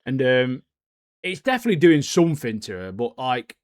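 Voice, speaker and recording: A man's voice: mid-range voice, very animated, normal speed, no room sound. Laid-back man, dry close sound. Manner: laid-back, British slang, hesitant fillers. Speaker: podcast co-host. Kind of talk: casual anime review chat.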